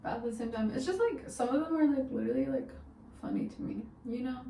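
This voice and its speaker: Young woman vlogger, higher-pitched, chatty and rambly, roomy home sound, faint room noise. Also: fast, vocal fry, warm tone, recorded from a distance. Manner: chatty, rambling, full of "like" and "literally". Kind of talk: casual storytime vlog.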